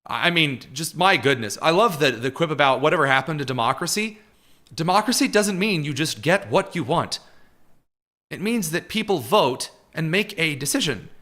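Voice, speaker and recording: A man's voice: fairly high pitch, animated, moderate pace, pushed and bright. A man hosting live political commentary, talking in a sarcastic, mocking way.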